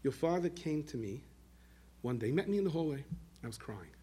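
Male preacher, storyteller; husky, quick, slightly high, drops Yiddish and Hebrew terms. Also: lively intonation, mellow. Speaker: rabbi telling stories. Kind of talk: storytelling sermon.

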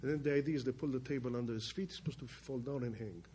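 An older man giving a spoken testimony from his family's past, emphatic and halting. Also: mid-range voice, darkish tone, a little hiss or hum. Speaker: storyteller.

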